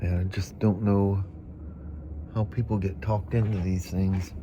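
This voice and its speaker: A man's voice: deep voice, level tone, measured pace, noisy background. A middle-aged man vlogging, a stuffy-nosed storyteller with a chatty, folksy manner who rambles and laughs through his stories. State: congested from hay fever.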